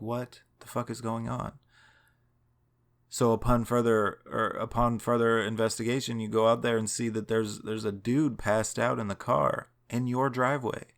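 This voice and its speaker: A man's voice: mid-range voice, a bit bright. A man telling a long story in a casual, rambling and profane way, laughing now and then.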